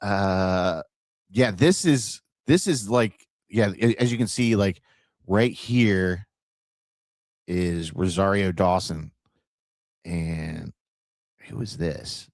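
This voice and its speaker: Man from Ohio, podcast host, lowish voice, dry close sound, acts out conversations. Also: slow pace, long pauses, no room sound. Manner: animated storyteller who acts out dialogue and swears freely. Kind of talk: casual podcast chat.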